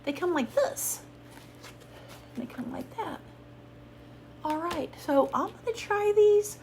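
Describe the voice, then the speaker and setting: A woman chatting casually to her viewers at home while sick, hoarse and coughing, rambling and apologetic. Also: extremely high pitch, lively intonation, slow pace, darkish tone, slight background noise. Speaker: haul vlogger. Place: at home, sitting.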